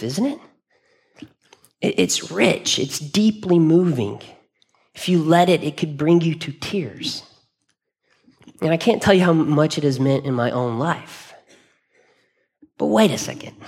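A man preaching a sermon in a church, speaking earnestly in a conversational way and often restarting his phrases. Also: a little high. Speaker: pastor. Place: church hall.

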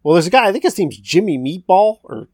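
Guy on a podcast rambling through a movie plot, kinda high voice, dry close mic. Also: very animated, quick pace, a little mellow, no room sound. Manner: rambling, retells scenes with quoted lines. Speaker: podcast co-host. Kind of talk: casual movie recap chat.

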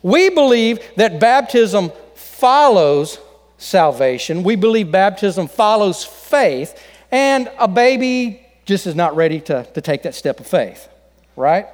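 A man's voice: high-pitched, big pitch swings, slow pace, in a large hall. A man preaching a sermon as pastor, folksy and joking with the congregation. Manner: folksy joke-telling.

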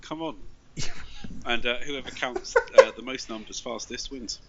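Deadpan man on a dull, noisy mic. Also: medium pitch, measured pace, gravelly. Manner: deadpan, mock-serious. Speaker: podcast co-host. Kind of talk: casual chat.

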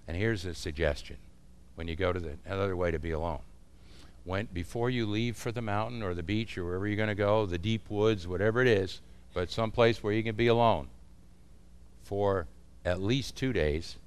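A man's voice: fairly low pitch, clear, resonant tone. A man teaching other pastors in an informal, folksy way, often chuckling as he talks.

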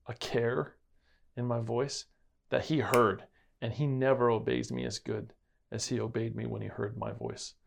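A man's voice: medium pitch, level tone, unhurried, gravelly. A man co-hosting a casual Bible-study chat, telling a story earnestly. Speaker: co-host.

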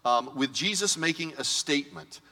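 A male pastor preaching a sermon to his congregation, lively and joking, talking straight to the people in front of him. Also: on the high side, moderate pace. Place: church sanctuary. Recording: long reverb of a big church hall.

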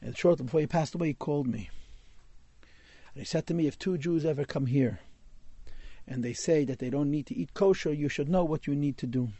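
A man's voice: on the high side, a little fast, mellow, no room sound. A man telling a Hasidic story in a class, mixing in Yiddish and Hebrew words.

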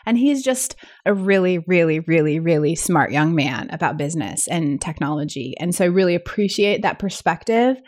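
A woman's voice: on the low side, animated, moderate pace, few pauses, a little mellow. Chatty woman co-host, filler-heavy talk. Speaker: podcast co-host. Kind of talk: casual chat.

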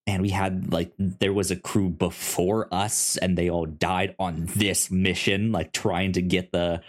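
A man co-hosting a podcast, chatting casually in a halting way with many restarts. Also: deep voice, level tone. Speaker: podcast co-host. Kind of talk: casual discussion.

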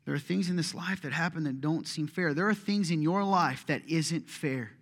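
A man's voice: on the high side, normal speed, a bit bright. A middle-aged man preaching a sermon as a pastor, conversational and impassioned, acting out prayers and complaints aloud.

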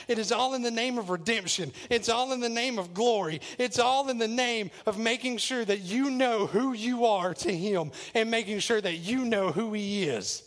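Pastor guy preaching, fairly high voice, retells the bible in everyday talk, drops low and quiet to hit a point. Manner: paraphrases scripture in plain modern speech. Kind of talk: sermon.

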